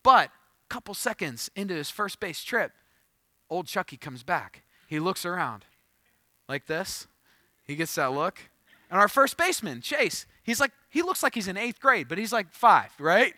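Pastor, thirties, male; high, very bright voice, dry close sound, animated storyteller. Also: moderate pace, no room sound. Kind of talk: sermon.

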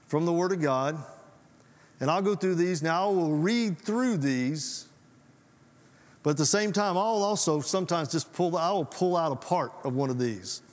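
A man preaching a sermon as pastor, folksy and conversational, often asking the congregation questions. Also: high voice. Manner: folksy, conversational preaching with audience call-outs. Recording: reverberant hall sound.

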